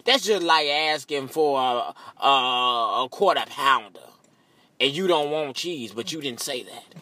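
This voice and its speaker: A man's voice: mid-range voice, lively intonation, a little slow, sharp tone. A man delivering a profane comic rant, laughing often at his own jokes. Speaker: comedian.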